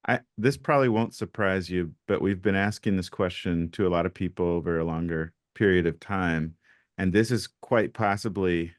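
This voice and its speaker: A man's voice: deep voice, no room sound, studio quality. A man hosting an interview podcast, affirming and encouraging toward his guest. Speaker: podcast host.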